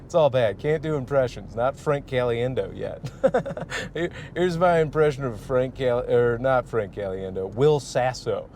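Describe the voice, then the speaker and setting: A man's voice: measured pace, a little mellow. A man from Michigan, a stand-up comic hosting his podcast, rambling casually and profanely with frequent laughs while driving. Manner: profane, laughs often, restarts and trails off. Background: faint vehicle rumble.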